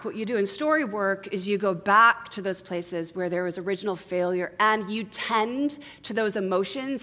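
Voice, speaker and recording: A woman giving a sermon as guest preacher, earnest and conversational, asking her listeners many questions and tagging points with a quick "right?". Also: mid-range voice. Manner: intimate, asks the congregation many questions; earnest, swings between soft and emphatic.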